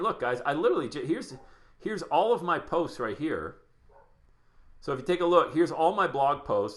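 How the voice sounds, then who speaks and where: A man running a live online podcasting workshop, talking fast and chatty, greeting viewers by name as he shares his screen. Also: medium pitch, fairly bright tone. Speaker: podcast coach. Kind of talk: live webinar training.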